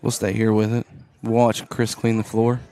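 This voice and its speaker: A man with a hoarse, raspy voice calling a high school basketball game live from a school gym, mixing brisk play-by-play with casual asides. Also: completely flat delivery, warm tone. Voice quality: raspy, strained voice. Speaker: play-by-play announcer.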